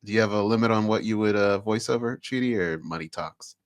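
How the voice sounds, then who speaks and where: A man's voice: lowish voice, fairly quick, clean tone, no echo, clean studio sound. A man co-hosting a radio interview, easygoing and teasing with his questions. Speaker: radio co-host. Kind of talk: casual interview chat.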